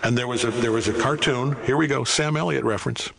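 A man's voice: mid-range voice, fast talker, gravelly, fairly bright tone. A middle-aged man, an actor, telling rambling, self-deprecating stories in casual chat. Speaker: actor guest.

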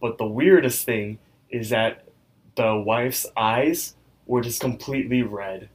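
A man's voice: mid-range voice, slow, rough recording. A young man co-hosting a podcast, casually retelling a spooky story and an episode, rambling with lots of "like" fillers. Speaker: podcast co-host.

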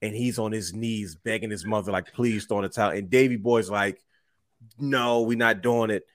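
Animated man retelling wrestling drama. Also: lowish voice, moderate pace, dry recording. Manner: animated storyteller, acts out quotes. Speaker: podcast co-host. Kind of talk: casual wrestling talk.

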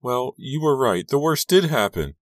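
A man's voice: medium pitch, sing-song, moderate pace, no echo, studio quality, voice pushed up, natural voice. A man voicing a heartbroken teenage girl who sobs and wails, in an audiobook. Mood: tearful. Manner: sobbing, wailing. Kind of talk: audiobook character voice.

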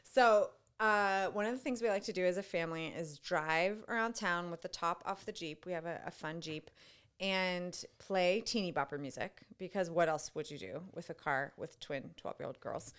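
A woman's voice: on the low side, normal speed, fairly bright tone, clear, resonant tone. A middle-aged woman co-hosting a podcast, telling family stories in a chatty, good-humored way. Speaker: podcast co-host. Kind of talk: casual chat.

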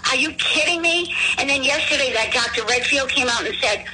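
A woman's voice: high voice, a little fast, noisy background. A woman calling a talk radio show, rambling and scornful about the people she disagrees with. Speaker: caller. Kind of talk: phone-in political talk.

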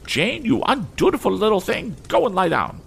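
A man voicing a haughty, pompous mother who speaks in a shrill, imperious way. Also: huge pitch swings, moderate pace, vocal fry, fairly bright tone, breathy edge, heavily acted.

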